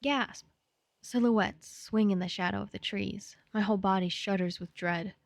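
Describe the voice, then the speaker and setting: A woman's voice: mid-range voice, steady tone, moderate pace, vocal fry, no echo. A young woman streaming a game live, reading its text aloud and chatting playfully, jittery when spooked.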